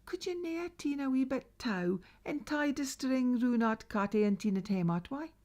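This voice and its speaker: A woman with a Northeast Scots accent voicing a scolding old mother, exasperated and hushed. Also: high voice, animated, normal speed, voice pushed up.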